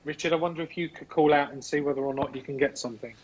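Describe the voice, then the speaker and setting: A man's voice: a little high, fairly even intonation, racing, darkish tone. A man working as a psychic medium, calling earnestly and repetitively on spirit over a video call. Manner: earnest, repetitive pleading invocations. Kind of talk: live spirit-calling session. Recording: dull lo-fi video call audio.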